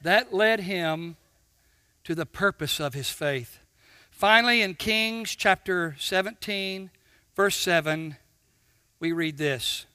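A man preaching a sermon, swinging from shouts to hushed tones and acting out little dialogues with God. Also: sits high, takes it slowly, pauses often, smooth, dry recording, studio quality. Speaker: pastor.

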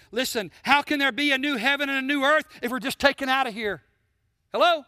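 A man's voice: very high voice, pushed and bright, no echo, clean studio sound, big-room sound. A man preaching a sermon, emphatic and full of rhetorical questions to the congregation. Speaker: pastor.

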